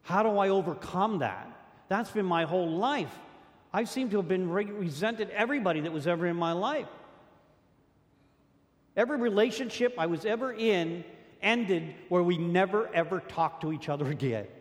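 A man's voice: high-pitched, expressive, moderate pace. Man telling his story in a reverberant hall. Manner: rambling, repeats words, acts out quotes. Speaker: speaker at a recovery meeting. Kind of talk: personal story talk.

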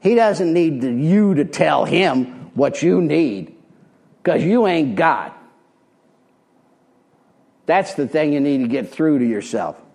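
A man's voice: fairly high pitch, lively intonation, slow pace, creaky, long pauses, a little mellow. An older man giving a personal testimony talk at a recovery meeting, blunt and plainspoken. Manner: blunt, plainspoken, street-wise.

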